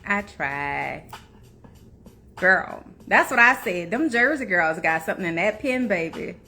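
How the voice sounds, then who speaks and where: A woman's voice: mid-range voice, lively intonation, a little slow, bright, forceful tone, soft background music. A young adult woman hosting a casual livestream, chatting to viewers, laughing often and greeting them by name. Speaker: livestream host.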